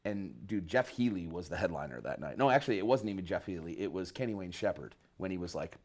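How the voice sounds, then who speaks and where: A man from northern Michigan, a bass player guesting on an interview, telling rambling stories in a laid-back, slangy way. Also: animated, quick pace, darkish tone. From northern Michigan, USA. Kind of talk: casual storytelling interview.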